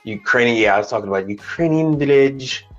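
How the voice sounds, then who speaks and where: A man's voice: medium pitch, fairly quick, muffled recording, soft background music. A man hosting a casual livestream chat, talking bluntly and with a lot of swearing. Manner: blunt, profane, animated. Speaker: livestream host. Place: Houston, Texas.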